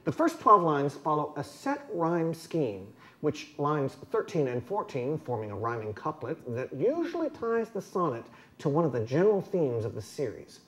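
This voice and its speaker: A man's voice: fairly high pitch, big pitch swings, moderate pace, hardly any pauses, a bit bright. A man presenting a scripted educational explanation, with a dry, tongue-in-cheek delivery. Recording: roomy echo with faint background noise.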